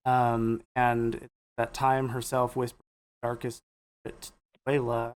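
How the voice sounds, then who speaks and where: A man's voice: mid-range voice, monotone, a little slow, clean tone. A man playing a tabletop game, speaking hesitantly with restarts as he decides his moves. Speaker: player. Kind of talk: casual tabletop chat.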